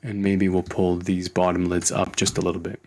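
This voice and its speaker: Relaxed man teaching animation on screen. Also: low-pitched, normal speed, slight background noise. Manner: relaxed, thinking aloud while working. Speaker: animation instructor. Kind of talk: screen-recorded software tutorial.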